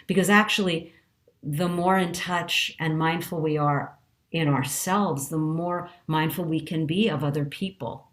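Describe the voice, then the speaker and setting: Middle-aged woman, low voice, calm and earnest mindfulness teacher with measured pauses. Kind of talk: teaching talk.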